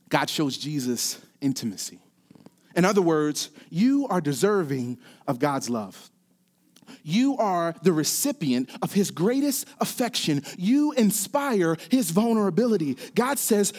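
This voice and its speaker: A man preaching a sermon, often dropping quiet and then building to emphatic, repeated calls. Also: a little high, sing-song, moderate pace. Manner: swings from quiet to rising, emphatic repetition. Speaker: pastor.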